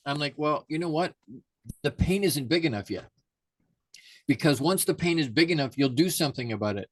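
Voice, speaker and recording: Male mindset coach, mid-pitched, emphatic, dry close sound. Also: fairly quick, fairly bright tone, no echo. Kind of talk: conversational interview.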